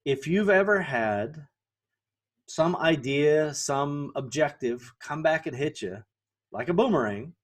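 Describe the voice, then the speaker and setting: A man's voice: fairly high pitch, expressive, slow. A middle-aged man hosting a podcast and giving a solo business lesson in a conversational way, often checking in with the listener. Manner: conversational, keeps asking "right?" to the listener; self-correcting, with fillers and restarts. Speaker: podcast host.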